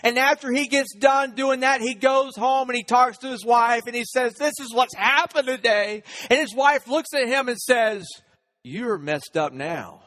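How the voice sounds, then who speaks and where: A man's voice: very high-pitched, fairly even intonation, moderate pace, few pauses, fairly bright tone. A man preaching a sermon, retelling a story and acting out the characters' lines. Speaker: pastor.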